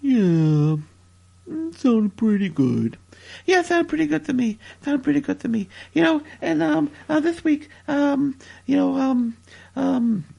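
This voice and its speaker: A shy, awkward young man, played by a woman who stammers through every sentence. His voice is gravelly and slow, full of hesitant restarts. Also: sits high, lively intonation, dark tone, full character voice.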